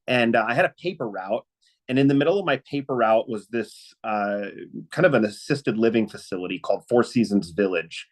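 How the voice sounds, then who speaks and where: A man speaking on a webinar, telling a personal story in an earnest, halting way with many fillers and restarts. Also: on the low side, lively intonation, low-quality recording.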